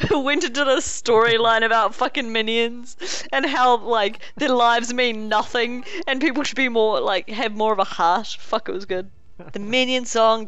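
A woman chatting casually while playing a video game, swearing, teasing and yelling in outbursts. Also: on the high side, clean tone, no echo. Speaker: gamer. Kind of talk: casual gaming chat.

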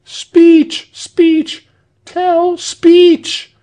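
A man voicing an excited village crowd, shrieking and shouting cheers. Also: very slow, full character voice. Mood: cheering. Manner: shrill shouting.

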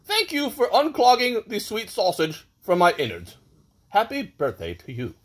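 A man's voice: very animated, normal speed, a bit bright, exaggerated voice. Man hamming it up as a pompous mustached British lord. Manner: hammy, lurching between shrill and low. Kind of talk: improvised comic birthday video.

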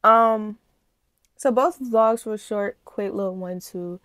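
A woman's voice: mid-range voice, slow, no room sound. Chatty, emotional woman reaction vlogger, dry sound. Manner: chatty, animated, addresses viewers as y'all; emotional, gushing. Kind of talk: casual reaction vlog.

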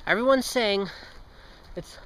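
A teenage boy talks slowly in a high, somewhat bright voice while vlogging on foot along a street with passing cars. He's casual and rambling, tripping over words, joking and swearing. The audio quality is poor.

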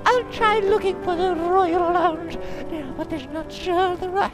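A young man giving excitable let's play commentary, exclaiming and reading game text aloud. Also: extremely high pitch, measured pace, few pauses. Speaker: gaming YouTuber. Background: game music.

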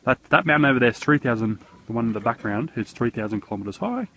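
A man chatting excitedly while filming a travel vlog, sometimes out of breath. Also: medium pitch, quick pace. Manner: chatty and excitable, with mild swearing. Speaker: vlogger. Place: outdoors on a mountain and in a gondola cabin. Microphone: handheld camera mic. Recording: noisy outdoor camera audio.

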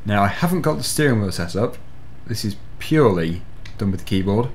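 A man's voice: fairly low pitch, lively intonation, fairly quick, darkish tone, a little hiss or hum. A man giving casual commentary over gameplay as host, explaining the controls step by step in a chatty way. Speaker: gaming video host.

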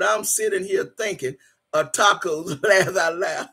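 Husky-voiced woman chatting on a livestream. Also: fairly low pitch, measured pace, fairly bright tone. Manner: chatty, laughs often, addresses viewers as y'all; urges viewers to like and subscribe. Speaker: channel host. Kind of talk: casual livestream reading out viewer comments.

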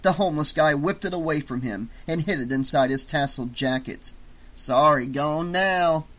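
A man narrating an audiobook in a steady storytelling read. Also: fairly high pitch, brisk. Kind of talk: scripted narration.

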